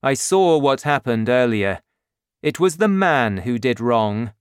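A kindly mayor from a storybook speaks calmly and firmly, as a man reads him. The delivery is slow and unhurried. The recording is close and dry. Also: mid-range voice, smooth, dry recording, natural voice. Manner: calm, firm. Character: calm kindly male mayor, authoritative.

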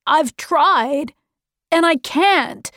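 Woman voicing a teenage boy, quiet, gentle, earnest, slow, dry close sound. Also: high voice, animated, no echo, voice pushed up, full character voice. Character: kind, steady teenage boy.

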